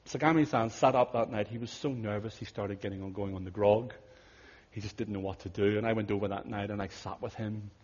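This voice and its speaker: A man telling a story in a sermon, earnest and conversational, often dropping to hushed tones, with a husky voice. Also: on the low side. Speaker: pastor. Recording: dull audio in a big reverberant hall.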